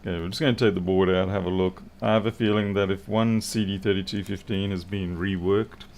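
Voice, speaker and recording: Guy with a lowish voice muttering to himself while fixing stuff on a live stream. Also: fairly even intonation, brisk, a little mellow, a little hiss or hum. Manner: thinks aloud, mutters to himself while working. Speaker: electronics repair technician. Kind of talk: live repair stream commentary.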